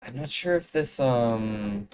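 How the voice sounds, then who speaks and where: Young live streamer, unhurried, filler-heavy chat while making art. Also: medium pitch, lively intonation, darkish tone, clear, resonant tone, rough recording. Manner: rambling, full of fillers and restarts.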